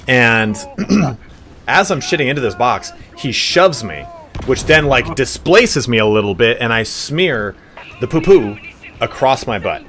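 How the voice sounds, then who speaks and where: A man's voice: medium pitch, normal speed. A young man streaming a game, telling a crude story in casual chat and acting out the voices in it. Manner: animated, crude, acts out the voices in his stories. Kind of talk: casual storytelling while gaming.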